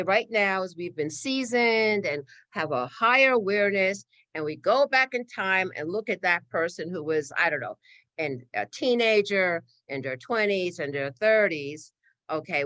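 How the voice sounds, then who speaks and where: A woman's voice: mid-range voice, a bit bright, dry recording. A middle-aged woman giving a spiritual talk, laughing often and acting out inner voices. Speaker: spiritual teacher.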